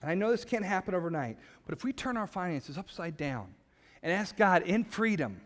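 A man preaching a sermon as a pastor, emphatic, with dramatic pauses. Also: high-pitched, big pitch swings, a bit bright, big-room sound.

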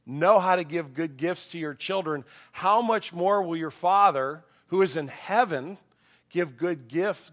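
A middle-aged man preaching a sermon, his voice a bit strained, animated and acting out quoted voices. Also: on the high side. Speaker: pastor.

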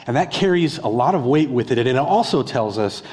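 A middle-aged man delivers a conversational sermon, checking in with his listeners through rhetorical questions. His voice sits at an ordinary mid pitch. It carries the long reverb of a large church hall. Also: animated, a little fast. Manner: conversational preaching with rhetorical questions, acts out a beggar's yelling. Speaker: discipleship pastor.

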